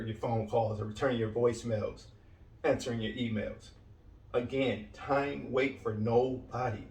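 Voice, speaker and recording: A man's voice: mid-range voice, a little mellow. A man delivering a blunt motivational coaching talk. He keeps checking in with his listeners and hammers his key lines home by saying them twice. The sound is roomy and picked up from some distance off the mic. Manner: blunt and direct, ends points with "right?" and "okay?"; repeats key lines for emphasis. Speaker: cleaning business coach.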